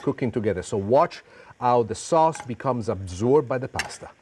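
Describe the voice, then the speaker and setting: A middle-aged man with an Italian accent hosts a cooking demonstration, speaking at normal speed with an animated, medium-pitched voice. He's playful and theatrical, dropping Italian phrases as he goes.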